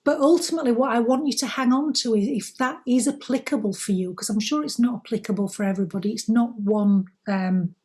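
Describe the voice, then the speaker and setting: Gentle, husky-voiced woman. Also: on the high side, fairly quick, few pauses. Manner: gentle, reassuring, encouraging. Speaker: spiritual co-host. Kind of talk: calm advice talk.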